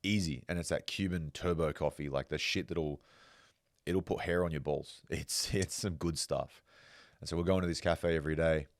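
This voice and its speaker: Very deep-voiced man telling stories. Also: steady tone, normal speed, no room sound, clean studio sound. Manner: swears freely, acts out quoted voices. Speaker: podcast host. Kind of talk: casual storytelling.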